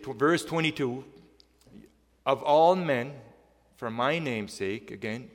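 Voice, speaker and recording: A man preaching a sermon, reading scripture aloud and asking the congregation questions, with slow, emphatic stress on key words. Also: mid-range voice. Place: church hall. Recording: long hall reverb.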